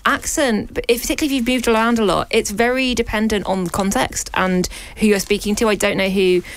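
A woman from North London giving her view on a radio panel, thoughtful and quick. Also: medium pitch, fairly even intonation, low-quality recording. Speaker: panel guest.

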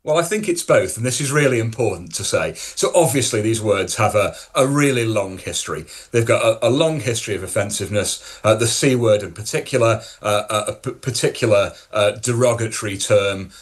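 A man's voice: fairly low pitch, lively intonation, fairly quick, few pauses. A male dialectology professor with a northern English accent, explaining his ideas in a radio interview while thinking aloud.

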